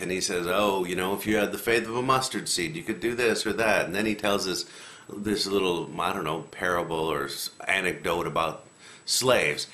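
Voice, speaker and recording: Lively man explaining scripture, bright voice. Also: moderate pace. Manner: animated, acts out quotes with rising pitch, rambling. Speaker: lectionary commentator. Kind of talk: casual scripture discussion. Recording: echoey room, faint noise.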